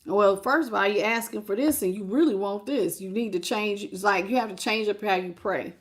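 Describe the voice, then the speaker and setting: A woman's voice: medium pitch, fairly quick. A woman tarot reader giving a preachy, emphatic spiritual pep talk in casual, repetitive speech.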